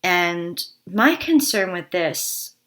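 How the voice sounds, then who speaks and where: A woman's voice: on the low side, sing-song, drawn-out words, fairly bright tone. A woman giving a casual personal health update to her viewers, candid and worried, a little out of breath and often restarting her sentences. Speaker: health vlogger.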